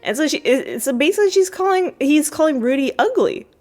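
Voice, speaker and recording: A woman's voice: sing-song, fairly quick, a little mellow. A woman hosting a podcast, casually recapping a TV episode in a rambling way, with many fillers and restarts, her voice jumping up when she quotes characters. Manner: jumps high when quoting characters. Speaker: podcast host.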